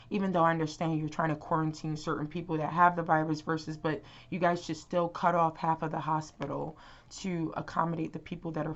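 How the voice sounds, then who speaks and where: A woman's voice: sits low, dull audio. A young woman doing a casual tarot reading to camera, rambling through many fillers and restarts. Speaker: tarot reader.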